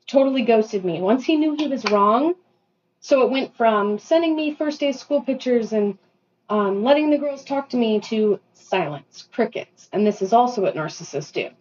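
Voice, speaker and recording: A woman in her thirties venting in a casual vlog, ranting and animated with self-deprecating asides while getting ready at home. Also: on the high side, normal speed, a little hiss or hum. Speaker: vlogger. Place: bathroom at home. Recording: slightly dull lo-fi sound.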